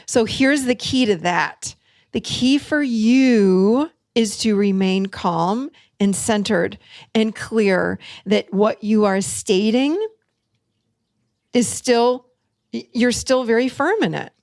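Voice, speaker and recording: A woman hosting a solo talk show, teaching and acting out example lines in an animated way. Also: on the high side, slow pace, no echo, studio quality. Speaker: podcast host and coach.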